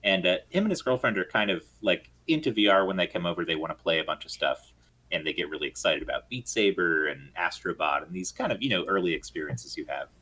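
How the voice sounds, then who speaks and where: A man's voice: low voice, quick pace. A man co-hosting a live gaming stream, chatting casually and drifting into tangents. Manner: rambling storyteller, lively and tangential. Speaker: podcast co-host.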